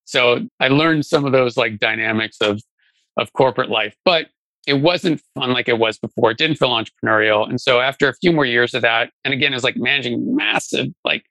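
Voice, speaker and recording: A middle-aged man recounts his working life as an interview guest, loose and conversational, often restarting his sentences. His tone is bright and pushing forward, at an ordinary middle pitch. The sound is dry, with almost no room around it. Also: a little fast, no echo, low-quality recording. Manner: conversational, many fillers and restarts. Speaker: guest, venture investor. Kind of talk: casual storytelling interview.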